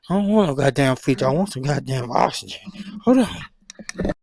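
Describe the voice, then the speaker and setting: A man's voice: mid-range voice, lively intonation, moderate pace, gravelly, long pauses, a little mellow, no echo. A man co-hosting a casual podcast, out of breath and talking loosely and profanely, sometimes dropping into gossipy whispers. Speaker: podcast co-host.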